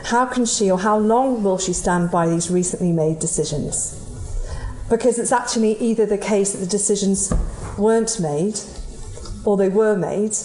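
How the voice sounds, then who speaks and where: A woman's voice: medium pitch, mellow, roomy sound, poor audio. A woman putting a formal, pressing question in parliament. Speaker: member of parliament asking a question.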